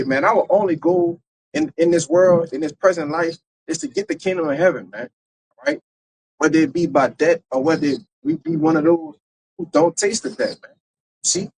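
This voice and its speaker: A man's voice: on the high side, gravelly, a little mellow, slight background noise, poor audio. A man teaching a Bible lesson in a loose, conversational preaching style, tagging his points with rhetorical questions. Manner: loose and conversational, tags lines with "man" and "right?".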